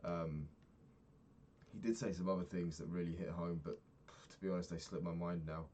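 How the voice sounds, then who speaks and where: A man's voice: low-pitched, steady tone, moderate pace, warm tone, a little hiss or hum. A young man talking through his day in a candid, rambling diary vlog, swearing freely. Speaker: vlogger.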